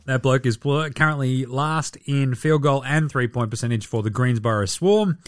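A man's voice: medium pitch, normal speed, no room sound, studio quality, faint music behind. A man hosting a casual sports podcast, swearing freely and mocking players with sarcastic impressions. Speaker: podcast host.

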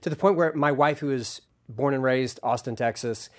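A man's voice: mid-range voice, normal speed. A man who is a pastor, hosting an interview and asking teasing, joking questions in a casual way. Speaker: podcast host and pastor.

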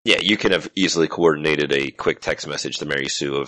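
A man narrating as game master of a tabletop role-playing game, explaining scenes in a relaxed way. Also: very deep voice, quick pace, no room sound.

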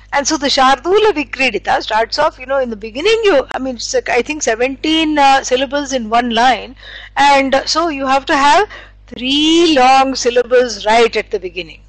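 A woman's voice: high voice, dry recording, poor audio. A woman giving a conversational spiritual lecture, meandering through her points with many fillers and restarts. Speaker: Vedanta teacher.

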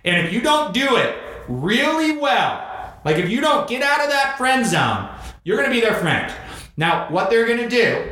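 A high-pitched man in his thirties talks sales in a loose, animated way, swearing and acting out both sides of an exchange. The room around him rings with heavy echo. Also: normal speed. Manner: animated, swears, acts out quotes. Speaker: podcast host. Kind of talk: casual sales coaching chat. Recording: very echoey room.

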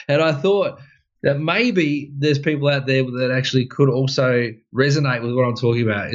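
Rambling man, slightly dull sound. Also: mid-range voice. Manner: rambling storyteller with fillers, animated re-enactments. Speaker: podcast co-host, wellness expert. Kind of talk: casual podcast chat.

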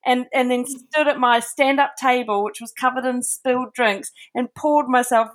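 A woman author appears as a podcast guest in a casual interview chat. Her voice is high and her pace normal, and she tells stories in an enthusiastic, animated way.

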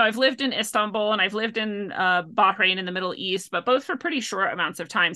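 A woman from the American Pacific Northwest talks as a guest in a relaxed conversation. Her voice is bright and forward, and she is chatty, laughing often and acting out what others said. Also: medium pitch. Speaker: guest, author. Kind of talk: casual conversation.

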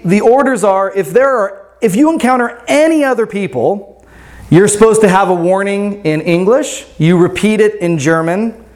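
A man's voice: sits high, a little mellow. A pastor telling a story to his congregation in a casual sermon, often checking in with "right?".

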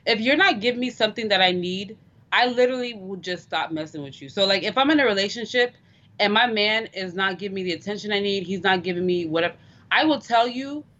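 A woman's voice: mid-range voice, fast, fairly bright tone, lo-fi sound. A woman co-hosting a casual talk radio show, speaking candidly and chattily with frequent giggles.

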